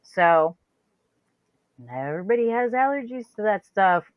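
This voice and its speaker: A woman co-hosting a casual chat, telling a story with lively, animated delivery and jumping into high-pitched quoted voices. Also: a little slow, dry recording, narrow, tinny audio. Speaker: co-host.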